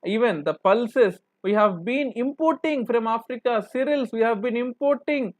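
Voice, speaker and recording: Indian English-accented male coaching lecturer, pitched high, dry sound; explains and repeats, tag questions throughout. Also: animated, moderate pace, hardly any pauses, no echo. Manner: explanatory, repeats points, frequent "right?" and "you know" tag questions. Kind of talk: live lecture discussing exam answers.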